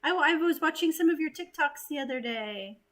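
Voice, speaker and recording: A woman with a high voice hosts a relaxed live-stream conversation. She reads viewer comments out loud and laughs easily between them. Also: fairly quick. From United States. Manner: reads chat comments aloud, laughs often. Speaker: host. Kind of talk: casual live-stream chat.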